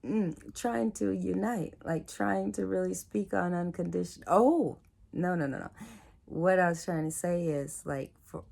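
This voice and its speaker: A woman's voice: lowish voice, a little slow, vocal fry, darkish tone. A woman talking casually and reflectively to her viewers, laughing often and acting out what other people said to her. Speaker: video host.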